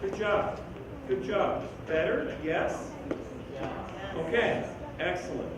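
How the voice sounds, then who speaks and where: Male school band director, brisk coaching, heard from across a big echoey room with steady noise. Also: high voice. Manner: brisk, coaching, sings rhythms on syllables. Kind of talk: band rehearsal instruction. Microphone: distant room mic. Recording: echoey, distant, noisy room recording.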